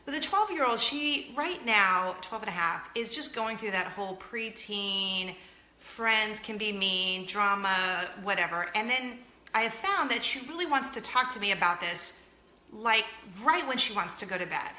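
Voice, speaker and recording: A woman's voice: medium pitch, expressive, normal speed, pushed and bright, roomy sound. A woman in her thirties hosting a casual vlog, chatty and self-mocking, laughing often and acting out what people said. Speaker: vlog host. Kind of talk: casual chat to camera.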